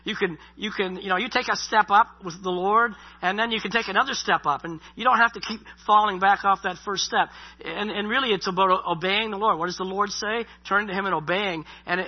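A middle-aged male pastor preaches in an easy, conversational manner, stumbling and repeating words as he goes. His voice is husky and sits a little high. The recording sounds dull and lo-fi. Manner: conversational, repeats words, many you-knows. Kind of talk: sermon.

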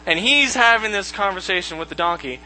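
A man teaching a casual Bible lesson, retelling the story in a joking, animated way and acting out the characters' lines. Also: sits high, brisk, slight background noise, low-quality recording.

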